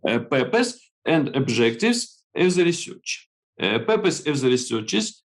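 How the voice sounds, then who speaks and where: Slow, halting Ukrainian-accented man presenting. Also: mid-range voice, rough recording. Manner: halting, reads slides. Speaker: conference presenter. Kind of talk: reading a research presentation. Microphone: video call.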